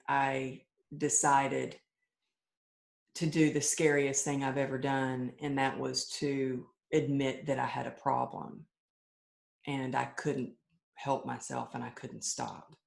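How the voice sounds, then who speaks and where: Earnest middle-aged woman with a gravelly edge. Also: very deep voice, little pitch movement, takes it slowly. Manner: earnest and open, with frequent restarts and acted-out quotes. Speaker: podcast guest. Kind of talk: candid conversational storytelling.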